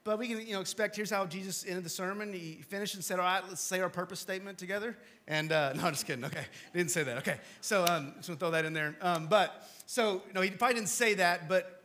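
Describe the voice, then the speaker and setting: A man preaching a sermon to a congregation, talking conversationally with small jokes and asides, then dropping to hushed, low emphasis before rising again. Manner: swings from loud emphatic to hushed low delivery. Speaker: pastor. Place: church hall with congregation.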